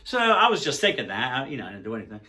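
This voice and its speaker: An older man telling a concert story to camera in a casual, animated way. He swings from loud excitement to hushed dread. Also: mid-range voice, fast talker. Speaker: music vlogger.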